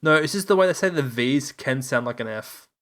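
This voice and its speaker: A man's voice: medium pitch, animated, a little fast, a bit bright. A man co-hosting a podcast in casual chat, with an Australian accent, teasing and laughing often. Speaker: podcast co-host.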